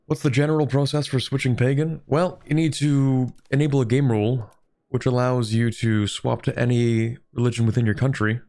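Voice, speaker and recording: A man's voice: mid-range voice, flat delivery, normal speed, dark tone. A man streaming a strategy game, chatting casually, thinking aloud and answering viewers' questions. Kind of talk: casual gameplay commentary.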